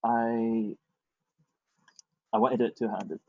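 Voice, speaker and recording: A man's voice: medium pitch, flat delivery, takes it slowly, vocal fry, warm tone, highs cut off, slight background noise. A man playing in a tabletop game, chatting and joking and thinking aloud over his dice rolls. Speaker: player. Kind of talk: casual tabletop game chat.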